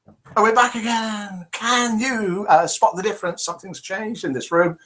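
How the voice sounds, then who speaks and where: A man's voice: sits high, fairly even intonation, moderate pace, pushed and bright. A man hosting a casual live stream, chatting and reading out viewer messages. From England. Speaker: live show host.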